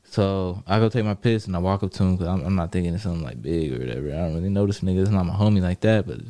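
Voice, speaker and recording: Laid-back low-voiced man telling stories. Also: racing, dark tone, dry recording. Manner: laid-back, profane, laughs often, many fillers. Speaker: guest telling prison stories. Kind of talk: casual storytelling chat.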